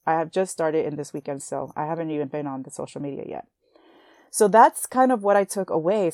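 A young woman hosting a Christian podcast, talking earnestly and warmly to her listeners as sisters, at times emotional. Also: on the low side, no room sound, clean studio sound. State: emotional, near tears. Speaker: podcast host. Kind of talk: faith podcast encouragement.

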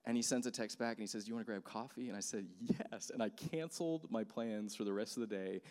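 A pastor in his thirties tells a personal story as a sermon, his lowish voice moving at a quick clip. He keeps it conversational and animated, with plenty of fillers, and a long hall reverb trails his words.

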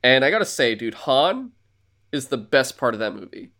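A man's voice: mid-range voice, moderate pace. Man rambling through a casual movie recap. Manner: rambling, animated movie recap with acted-out quotes and laughs. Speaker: podcast co-host. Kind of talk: casual chat.

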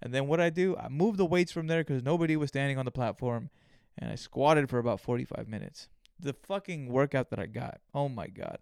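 A man's voice: mid-range voice, fairly quick, vocal fry, clean tone, no room sound, studio quality. A young man hosting a solo podcast, telling stories with heavy swearing and acting out his own thoughts. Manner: profane, animated storytelling, acts out his own inner voice. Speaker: podcast host.

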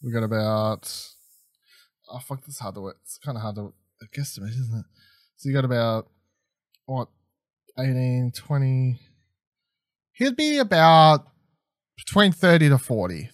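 A man's voice: medium pitch, lively intonation, measured pace, long pauses, dry recording. A young man co-hosting a podcast, talking casually with an eager, rambling energy that's full of fillers and false starts. His voice sits right in the middle range. The sound is dry and close, with no room around it. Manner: enthusiastic, rambling, lots of fillers and restarts. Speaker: podcast co-host reviewing a TV episode. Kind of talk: casual chat.

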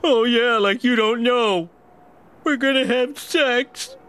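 An actor playing a bumbling, nervous middle-aged cartoon dad who blurts out whiny lines. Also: male voice, very high-pitched, slow pace, a bit bright, soft background music, full character voice. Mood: anxious. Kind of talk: cartoon voice acting.

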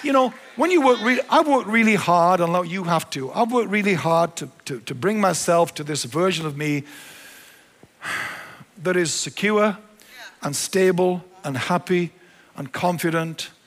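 A pastor preaching a sermon, animated, dropping to quiet low asides and then rising to emphatic lines. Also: male voice, a little slow, slight background noise. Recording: long hall reverb.

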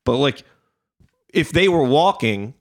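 A man's voice: mid-range voice, animated, slow pace. Profane rambling New guy. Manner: rambling, swears a lot, acts out quotes. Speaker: podcast co-host. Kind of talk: casual profane chat.

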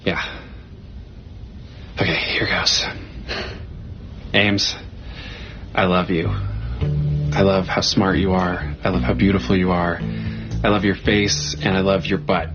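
A man's voice: low-pitched, flat delivery, slow pace, long pauses, lo-fi sound. An actor playing a goofy, earnest young man detective in a sitcom clip, with music under it. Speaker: sitcom character.

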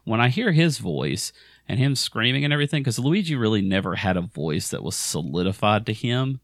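Lowish-voiced man in animated podcast chat. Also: brisk, no echo, clean studio sound. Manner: animated, mimics voices for laughs. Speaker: podcast co-host. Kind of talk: casual chat.

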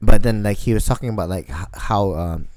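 Chill cohost guy, lowish mellow voice, cracks crude jokes, dry sound. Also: a little fast. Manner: laid-back, crude joking. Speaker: podcast co-host. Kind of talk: casual chat.

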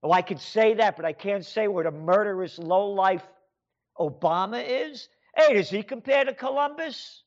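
American guy ranting slow and sarcastic, rhetorical questions, kinda high voice, dull lo-fi sound. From United States. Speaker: author. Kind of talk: ranting monologue.

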